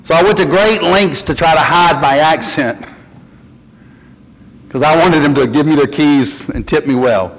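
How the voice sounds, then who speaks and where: Southern pastor preaching in a reverberant church. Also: male voice, on the high side, a little slow. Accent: Southern US, western North Carolina. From North Carolina mountains. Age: middle-aged. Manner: folksy storytelling, animated when quoting. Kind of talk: sermon with personal story. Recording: long reverb of a church hall.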